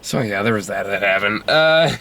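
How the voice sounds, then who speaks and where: Casting: male review host, animated delivery, bright tone, giggly and rambling. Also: lowish voice, moderate pace, vocal fry. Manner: laughs often, rambling tangents, swears casually. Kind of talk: casual chat.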